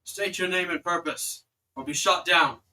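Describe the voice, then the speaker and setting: A man's voice: fairly high pitch, fairly quick, pushed and bright, poor audio. A man voicing a stern, commanding male elven wall guard in a tabletop game. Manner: barking orders.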